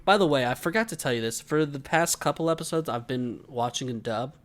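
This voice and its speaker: A man's voice: medium pitch, animated, a little fast. A man in his twenties co-hosting a podcast, chatting casually with rambling, joking stories. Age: 20s. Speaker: podcast co-host. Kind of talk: casual chat.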